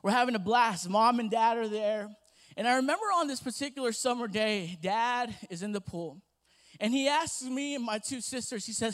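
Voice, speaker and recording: A young man preaching a sermon, telling a family story with lively voices before moving into scripture. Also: extremely high pitch, moderate pace.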